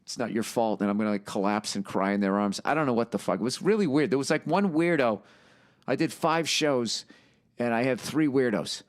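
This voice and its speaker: Profane, blunt stand-up comedian telling stories. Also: male voice, medium pitch, expressive, brisk. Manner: blunt and heavy on swearing. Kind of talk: profane podcast storytelling.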